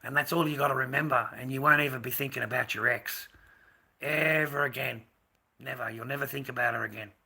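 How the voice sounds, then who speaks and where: A man's voice: mid-range voice, fairly even intonation, brisk, creaky, sharp tone, slightly rough. A middle-aged man, ranting bluntly and profanely on a casual livestream, rambling with stammered restarts. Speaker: livestream host.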